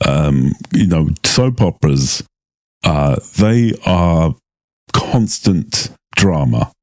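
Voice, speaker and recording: A middle-aged man co-hosting a podcast in easy chat. He has a very low voice and a slow, unhurried delivery, often searching for words along the way. The sound is dry and close to the mic. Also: very animated, darkish tone, no room sound. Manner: unhurried, agreeable, gropes for words with fillers. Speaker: podcast co-host.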